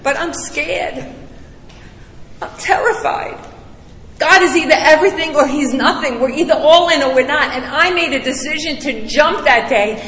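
A middle-aged woman tells her recovery story to a meeting in a blunt, salty, emphatic way. Her voice is fairly high and sharp. It rings through a roomy hall with a long echo. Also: normal speed. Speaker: speaker sharing a recovery story. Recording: echoey hall with long reverb.

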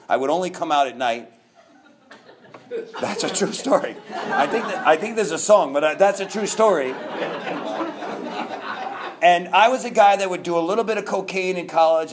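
A man in his fifties from New York, a guest telling his own story candidly, rambling with restarts and laughs. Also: a little high.

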